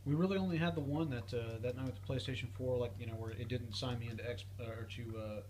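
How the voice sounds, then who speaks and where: A man's voice: mid-range voice, fairly even intonation, fast talker, a little mellow, a little hiss or hum. A man co-hosting a casual let's-play, chatting in an easygoing, agreeable way. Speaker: gaming co-host.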